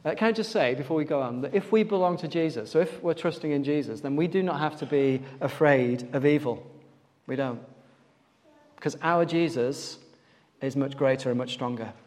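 A man giving a church Bible talk, pitched somewhat high for a man, quizzing the congregation to fill in the gaps as he goes. His voice rings with the long reverb of a church hall. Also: moderate pace, a little mellow. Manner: quizzing listeners to fill in missing words. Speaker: preacher.

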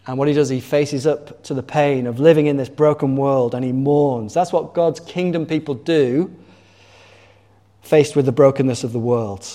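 Preacher in a reverberant hall. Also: male voice, mid-range voice, normal speed, warm tone. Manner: conversational, asks the congregation questions. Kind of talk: sermon. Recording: long reverb of a large hall.

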